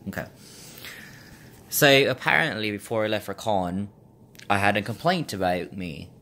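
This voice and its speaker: Casting note: American man vlogging in a faked Russian accent, low-voiced, rambling and wry. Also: expressive, moderate pace, sharp tone. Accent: Russian-style put-on accent. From United States. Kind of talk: casual storytelling vlog.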